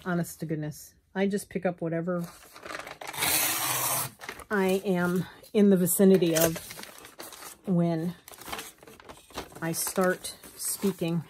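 A woman's voice: lowish voice, background noise. A woman chatting casually through a crafting vlog at home, rambling and poking fun at herself with frequent little laughs. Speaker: journaling crafter.

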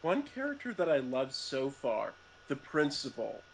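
A man on a casual fan podcast who talks haltingly and stumbles over his words. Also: on the high side, big pitch swings, a little hiss or hum, rough recording.

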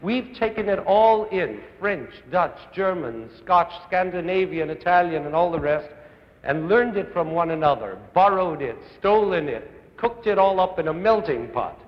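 A man's voice: sits high, animated, moderate pace. A man giving an earnest, rhetorical music lecture to a young audience, building his points in long lists. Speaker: conductor and music educator. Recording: dull old broadcast audio in a large hall.

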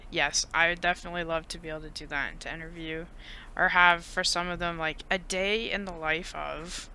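A young woman co-hosting a gaming podcast in casual chat, animated and chatty, saying "like" often. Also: fairly low pitch, slight background noise. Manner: animated, heavy use of "like", quick laughs. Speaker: podcast co-host.

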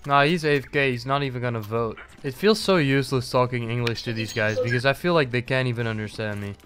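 A man's voice: mid-range voice, quick pace, noisy background. A young man streaming a shooter from home, joking loosely and swearing as he plays into a desk mic. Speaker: gaming streamer. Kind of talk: casual gameplay commentary.

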